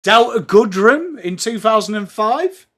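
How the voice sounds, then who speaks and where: Slow, bright-voiced English streamer. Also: male voice, high voice, animated. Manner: chatty, self-mocking, reads aloud to chat. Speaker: livestream host. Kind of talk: live watchalong chat.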